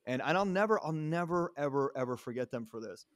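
A man's voice: a little high, lively intonation, fast talker, no room sound, clean studio sound. A man in his thirties telling a personal story in a casual interview, earnest and rambling, often restarting his sentences. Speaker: podcast guest.

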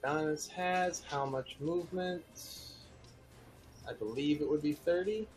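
A man's voice: a little high, soft background music. Man running a tabletop game as game master. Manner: loose, halting narration with fillers.

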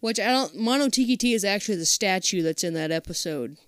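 A woman's voice: mid-range voice, animated, fast talker, clean tone, no echo, clean studio sound. A woman co-hosting a podcast, telling stories casually with playful swearing and laughter. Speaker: podcast co-host. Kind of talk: casual chat.

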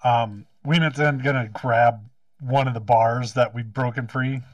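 A man's voice: medium pitch, fairly even intonation, unhurried, highs cut off. An easygoing man with a mid-range voice plays a tabletop game. He is recorded at some distance from the mic, with a dry sound and no room echo. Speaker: player. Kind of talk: casual tabletop play.

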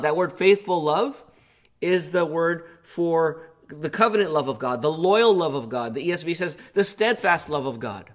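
A man's voice: fairly high pitch, animated, moderate pace. A male pastor preaching an earnest sermon, growing impassioned as he voices the psalmist's pleas.

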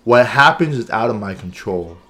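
A man's voice: on the low side, lively intonation, moderate pace, fairly bright tone. A man co-hosting a podcast in casual chat, earnest and thinking aloud, often checking in with "right?". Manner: earnest, thinks aloud with many "right?" and "you know what I'm saying?". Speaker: podcast co-host.

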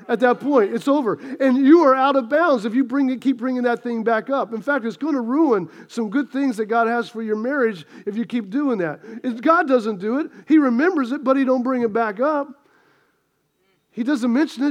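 A middle-aged man, a pastor, preaching a sermon and telling a funny self-deprecating story about his marriage in a chatty way. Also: extremely high pitch. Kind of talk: sermon with a humorous personal story.

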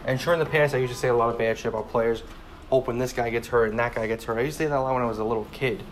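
Young man, 20, heated sports rant with profanity and rambling repeats; mid-pitched voice, faint noise behind. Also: steady tone, racing. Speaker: sports fan vlogger. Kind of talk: casual ranting monologue.

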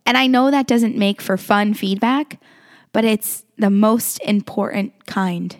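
Earnest woman preaching with a higher voice. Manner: conversational and earnest, with filler words. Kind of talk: sermon.

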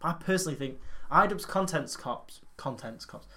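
A man's voice: a little high, lively intonation, moderate pace, sharp tone. A man co-hosting a podcast in casual chat, rambling and opinionated, often breaking into laughter. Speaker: podcast co-host.

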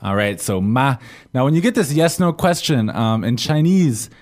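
A man's voice: mid-range voice, big pitch swings, moderate pace, a little mellow, soft background music. A man co-hosting a podcast language lesson, prompting with questions and recapping each point in plain English. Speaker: co-host.

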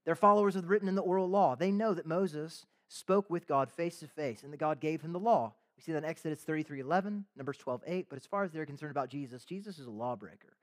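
A pastor delivers a sermon in a conversational, animated way, slipping into the voices of the people in the story and tossing in casual slang. His voice is a man's voice, a touch higher than usual. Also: fast, few pauses. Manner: conversational preaching, acts out voices of biblical figures with slang asides.

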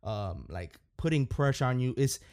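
A man's voice: mid-range voice, animated, moderate pace, darkish tone, smooth, dry recording, clean studio sound. A man hosting a podcast, talking casually and rambling, with lots of fillers and restarts. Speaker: podcast host.

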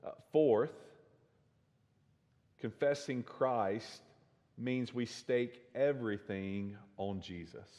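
This Southern-drawling pastor has a lowish, darkish voice, followed by a long reverb tail. Earnest throughout, he keeps restarting with repeated words and builds in force toward each climax.

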